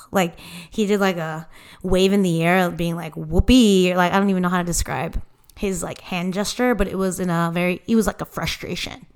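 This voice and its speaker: Smooth-voiced woman telling a story. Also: lowish voice, brisk. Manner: animated retelling with quoted voices, many fillers. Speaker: podcast co-host and DJ. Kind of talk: casual storytelling chat.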